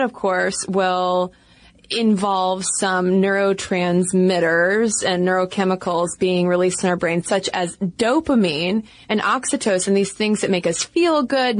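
A woman's voice: medium pitch, no room sound. A woman co-hosting a podcast who jokes and laughs often. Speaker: podcast co-host. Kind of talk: casual podcast chat.

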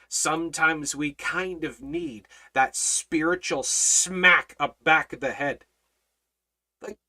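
Bright-voiced emphatic Bible study teacher. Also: medium pitch. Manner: emphatic, swings from hushed to loud rhetorical questions; repeats phrases for emphasis.

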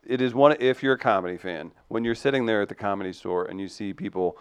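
A man with a low, smooth, resonant voice, hosting a relaxed podcast talk. He is easygoing and keeps affirming his guest before adding his own thoughts. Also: quick pace. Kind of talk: casual podcast chat.

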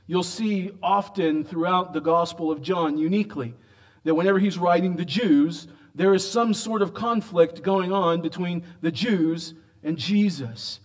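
Preacher, male, fairly high-pitched, emphatic, big swings from loud to hushed. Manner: emphatic, swings between loud raised lines and quiet low asides; drawn-out slow emphasis on quoted lines. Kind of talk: expository sermon.

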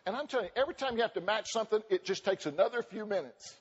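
A man preaching a sermon at a church conference, animated and joking, acting out quoted voices. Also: sits high, racing, slightly rough. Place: church sanctuary. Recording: dull recording with long hall reverb.

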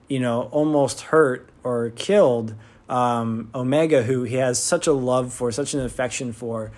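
A man's voice: medium pitch, darkish tone. A man reviewing a TV episode in casual talk, rambling with lots of fillers and restarts, sounding like an enthusiastic fan.

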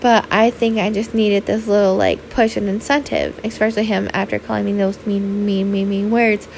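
A woman's voice: mid-range voice, level tone, normal speed, vocal fry, darkish tone, slight background noise. A young woman hosting a casual solo podcast, talking in a chatty, candid way full of "like" and the odd swear, tired and yawning. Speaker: podcast host.

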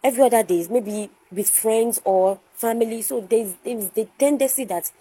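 A young woman hosts a faith-based podcast in a warm, mellow voice. Her tone is unusually clear and resonant. She talks earnestly and circles back with repeated rhetorical questions. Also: fairly high pitch, normal speed, no echo, poor audio. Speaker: podcast host.

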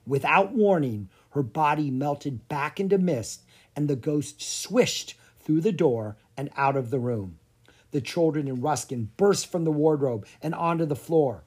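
A narrator reading a children's chapter book aloud, with storyteller pacing and dramatic pauses. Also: mid-range voice, lively intonation, a little mellow, breathy edge. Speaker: audiobook narrator.

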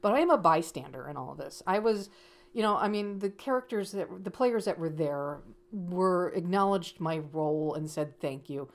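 A woman's voice: lowish voice, expressive, normal speed. A woman talking casually as a psychic medium, telling a story with frequent restarts and quoted dialogue.

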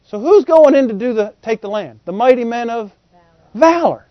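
A man with a high-pitched voice and lively intonation preaches a sermon at a moderate pace, folksy, joking, and full of slang, repeatedly turning to the congregation with questions. The recording is dry and a bit dull, with no room sound.

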